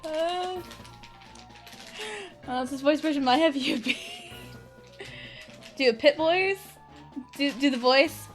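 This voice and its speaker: This young woman's voice is high, and she speaks slowly with long pauses. She's livestreaming a video game over faint game music, chatting loosely, laughing and teasing herself along the way.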